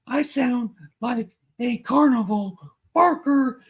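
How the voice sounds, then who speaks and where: Raspy, gravelly male sports analyst. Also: high-pitched, animated, slow pace, long pauses, darkish tone. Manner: emphatic, slangy, blunt opinions. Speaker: co-host and fantasy analyst. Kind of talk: casual fantasy basketball podcast chat.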